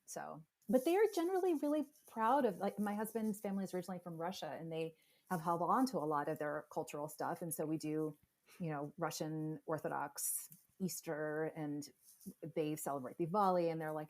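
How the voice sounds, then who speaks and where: A woman in her forties telling animated stories in a casual interview, acting out other people's voices as she goes. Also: deep voice, a little fast. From United States. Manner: animated storyteller, acts out quoted voices. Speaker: podcast guest, psychotherapist.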